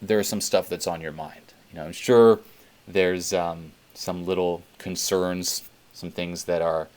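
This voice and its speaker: A man's voice: low voice, steady tone, measured pace, darkish tone. A man talking casually in a self-help vlog, rambling with lots of fillers and blunt swearing. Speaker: self-help video host.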